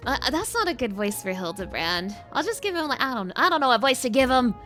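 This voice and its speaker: A high, bright woman streaming a game, giggly and chatty as she talks to her viewers. Her pitch leaps around animatedly. Faint game music sits behind her. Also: big pitch swings, fairly quick. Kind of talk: casual game livestream chat.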